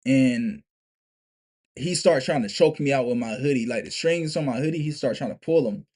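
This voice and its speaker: A young vlogger talks to the camera in a medium-pitched, slightly mellow voice at a moderate pace. He tells a story casually and emphatically, swearing, and often restarts and repeats himself.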